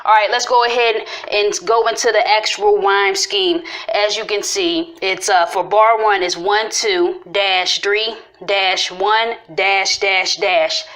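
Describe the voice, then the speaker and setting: A woman's voice: mid-range voice, fairly even intonation, fairly bright tone. A woman casually explaining rhyme patterns in a video, repeating and stretching syllables as she goes. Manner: talks through syllables slowly, repeating and stretching sounds.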